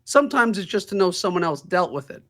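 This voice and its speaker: A man's voice: high voice, very animated, fast talker, a bit bright. A man, a law firm's managing partner, telling stories in a casual interview, laughing through the funny parts.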